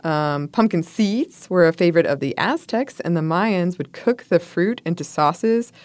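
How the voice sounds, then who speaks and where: Brief: woman podcast co-host, lower voice, dry close sound, chatty and playful. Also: expressive, unhurried, a little mellow, dry recording. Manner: chatty, laughs often, playful asides. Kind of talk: casual chat, reading food history notes.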